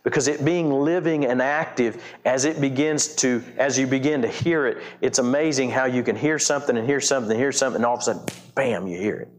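A man's voice: mid-range voice, fast, hardly any pauses. A middle-aged man preaches to his congregation in an easy, conversational way. He circles back on his words, repeats phrases for emphasis, and keeps a mid-range voice. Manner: conversational preaching with many restarts and repetitions. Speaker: pastor. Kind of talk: sermon.

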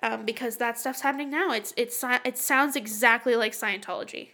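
A young woman chatting on a podcast with a bright, forceful voice pitched a little high. She talks in an animated way, swears freely, and keeps trailing off and restarting her sentences. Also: brisk. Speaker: podcast co-host. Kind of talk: casual chat.

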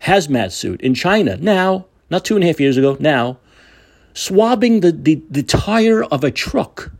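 A man hosting a talk show, ranting in a heated voice with plenty of emphatic repetition. His pitch swings widely, jumping up and dropping low from one phrase to the next. His tone carries a slightly husky edge. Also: sing-song, a little slow. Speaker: host. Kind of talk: political commentary monologue.

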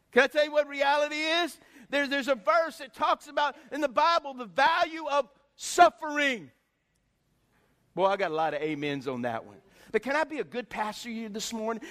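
A middle-aged man preaches in a folksy, conversational style, with a very high-pitched voice. He keeps checking in with his congregation, and his words ring out with a long reverb in a church sanctuary. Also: fairly bright tone. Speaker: pastor. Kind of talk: sermon.

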